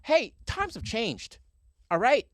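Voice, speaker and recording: A man ranting animatedly on a podcast, profane and fast-talking, recorded with a close studio microphone. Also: extremely high pitch, huge pitch swings, no echo. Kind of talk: casual podcast rant.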